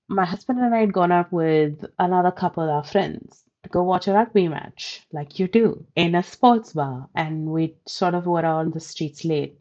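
A woman from India telling personal stories in a thoughtful, reflective way, pausing and restarting as she searches for words. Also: on the low side, darkish tone, lo-fi sound. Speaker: interview guest.

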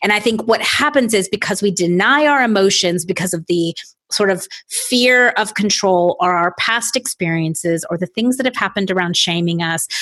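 A woman's voice: medium pitch, a bit bright. Emphatic woman podcast co-host. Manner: earnest, emphatic, thinks aloud with many fillers. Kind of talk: casual podcast conversation.

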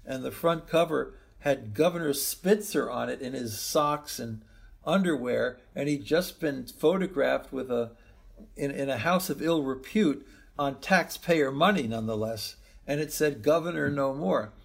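Gravelly, husky man telling a story. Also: medium pitch, unhurried. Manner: rambling, reflective, restarts often. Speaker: guest, medical school professor. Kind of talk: storytelling interview answer.

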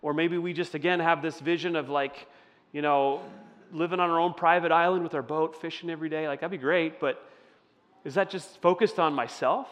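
A man with a somewhat high voice leads a sermon in a loose, chatty way and keeps turning questions back to the room. His voice rings out with a long reverb tail, as if he is in a large church hall. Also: fairly even intonation, a little fast, fairly bright tone. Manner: conversational, asks the audience questions. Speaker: pastor. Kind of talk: interactive sermon.

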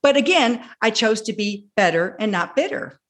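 A woman in her sixties, a guest telling her personal story with animated delivery, acting out her own past words. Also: a little high, normal speed. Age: 60s. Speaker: guest speaker.

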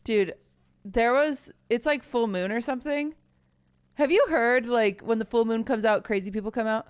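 A young woman chatting on a podcast, telling stories with lots of energy. Her voice is fairly high and lively, and she jumps up into a shrill register whenever she plays someone she is quoting. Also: normal speed, smooth. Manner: animated storyteller, acts out quotes in high voices. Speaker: podcast co-host. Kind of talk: casual chat.

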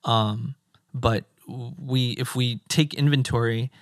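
A man guesting on a podcast, talking earnestly in casual chat, building his point slowly with repeats and fillers. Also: mid-range voice, fairly even intonation, no room sound, studio quality.

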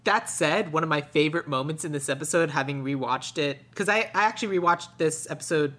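A woman with a fairly low voice in a relaxed podcast chat. She tells her points as little stories, slipping in quick asides. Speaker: podcast guest, screenwriter. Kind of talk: casual chat about a cartoon episode.

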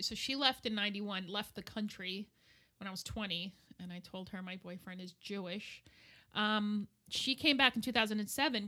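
Bright-voiced middle-aged woman telling a story. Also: medium pitch. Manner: animated, acts out quoted voices. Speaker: guest. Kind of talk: candid personal storytelling.

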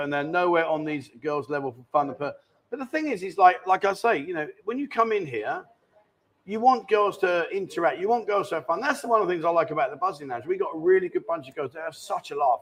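Chatty male host, slightly high voice. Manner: chatty and jokey, reads out viewer questions. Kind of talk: casual live-stream chat. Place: indoor bar.

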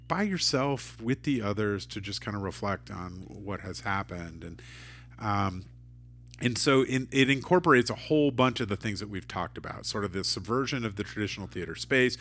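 Low-voiced man hosting a casual chat. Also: fairly bright tone. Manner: rambling, many fillers and restarts. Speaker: podcast host.

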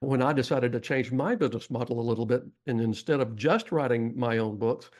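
Middle-aged Texan man, mid-pitched, folksy and rambling, podcast guest. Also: a little fast, a little mellow. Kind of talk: storytelling interview.

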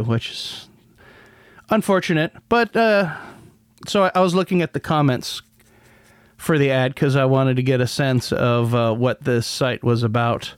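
Male podcast host, sardonic and rambling, smooth resonant tone. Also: mid-range voice, a little slow, no echo, studio quality. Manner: rambling, many restarts, sardonic. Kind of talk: casual solo commentary.

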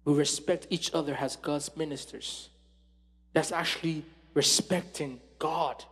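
A man preaching a sermon with passion, swinging from loud exclamations to hushed tones. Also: on the high side, fairly even intonation, measured pace, slightly rough. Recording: long hall reverb.

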